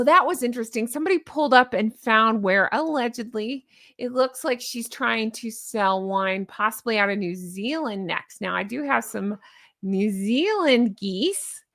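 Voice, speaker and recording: A woman's voice: a little high, lively intonation, unhurried, fairly bright tone, no echo, clean studio sound. A woman hosting a casual reaction commentary, chatty and sarcastic, laughing at her own jokes. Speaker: YouTube commentary host.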